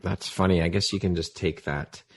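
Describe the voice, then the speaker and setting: A man's voice: low voice, fairly even intonation, moderate pace, breathy edge, no echo, clean studio sound. A man hosting a podcast, chatting casually and encouragingly with his guest. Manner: encouraging, affirming responses. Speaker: podcast host. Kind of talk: casual interview chat.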